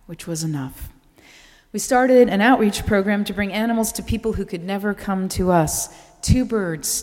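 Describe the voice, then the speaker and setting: A woman giving a slow, contemplative spoken reflection to a gathering, often dropping to a breathy whisper. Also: lowish voice, warm tone. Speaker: speaker sharing reflections. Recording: long reverb in a hall.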